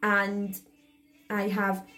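A woman's voice: medium pitch, monotone, extremely slow, pushed and bright, faint music behind. A young woman tells a casual story to camera. She rambles, leans on fillers, swears a lot and sounds shaken. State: shaken and jittery. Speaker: vlogger.

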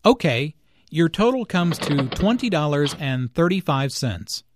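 A man's voice: a little high, very animated, measured pace, slight background noise. A man playing a courteous postal clerk. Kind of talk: scripted role-play dialogue.

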